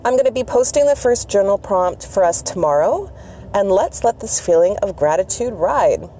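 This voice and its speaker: A woman's voice: mid-range voice, lively intonation, moderate pace, dark tone, a little hiss or hum. A woman from Canada hosting a self-care vlog, talking in an encouraging, chatty way with small asides. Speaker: self-care vlogger and host. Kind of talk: casual motivational talk.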